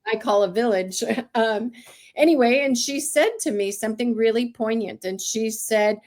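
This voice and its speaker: A woman's voice: a little high, moderate pace. A woman raised in California with Greek heritage, a farmer telling stories as a guest in a casual interview, acting out the people she quotes. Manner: animated storyteller, acts out quoted voices.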